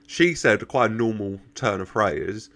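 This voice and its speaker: A man's voice: on the low side, animated, a little slow, a bit bright. A man giving casual reaction commentary, chatting, laughing often and talking back to the characters on screen. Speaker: reaction video host.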